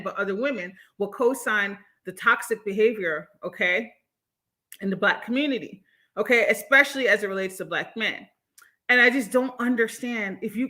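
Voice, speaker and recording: Bright-voiced outspoken woman. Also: mid-range voice. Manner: animated, outspoken, laughs often, swears. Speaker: commentary livestream host. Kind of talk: casual livestream commentary, reading chat.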